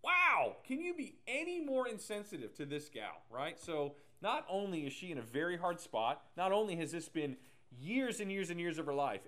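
A man preaching a casual, joking sermon, explaining scripture with laughs and asides. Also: on the high side. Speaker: pastor.

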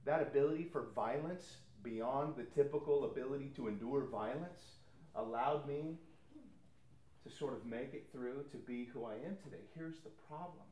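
With a warm tone, medium pitch and moderate pace, a man gives a sermon testimony as a pastor. He tells personal stories in a conversational style and acts out what others said, all captured in an echoey room.

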